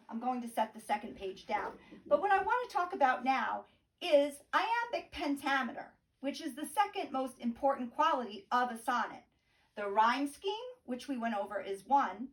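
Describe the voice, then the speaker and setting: A woman's voice: high voice, a bit bright, distant mic. A woman teacher giving a remote poetry lesson from home, explaining patiently and tapping out rhythms aloud.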